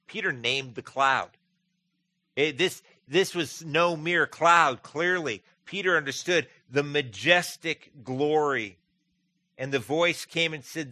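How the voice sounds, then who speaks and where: Bright-voiced man preaching a sermon. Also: a little slow, dry recording. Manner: earnest preaching, rising to emphatic peaks and dropping low for quoted scripture. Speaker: pastor.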